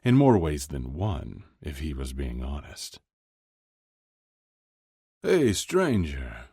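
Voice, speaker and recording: A man narrating an audiobook in an expressive storytelling manner. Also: very deep voice, measured pace, breathy edge, no echo, studio quality.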